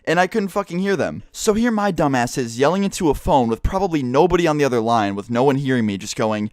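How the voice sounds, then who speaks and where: A young man telling a casual storytime vlog story, animated and profane, acting out the quotes. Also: medium pitch, quick pace, few pauses, no room sound, clean studio sound. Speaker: vlogger.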